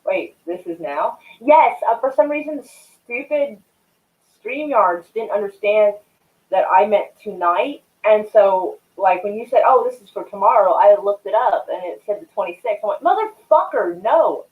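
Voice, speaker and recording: A woman's voice: medium pitch, moderate pace. A young woman hosting a live stream, chatting casually with viewers in a rambling, swearing, talkative way. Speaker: livestream host. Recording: tinny phone-like audio.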